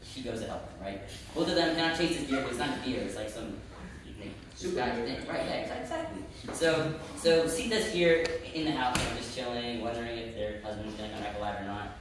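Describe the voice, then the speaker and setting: A young man tells a story to a live crowd at a student event, speaking at an ordinary pitch in a loose, chatty way. He keeps checking in with "right?" and stumbles into restarts. The sound is heavily echoey, caught from a mic well away from him, with a clear layer of noise underneath. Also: a little fast. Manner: chatty, tags lines with "right?", frequent restarts. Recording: echoey room, distant mic, background noise.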